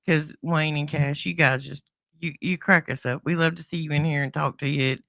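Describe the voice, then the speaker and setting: A woman's voice: sits low, fairly even intonation, brisk, vocal fry, a bit bright, no room sound. A woman from the American South with a Southern accent, co-hosting a casual video-call chat in a folksy, playful way. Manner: folksy, playful, says y'all a lot. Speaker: co-host.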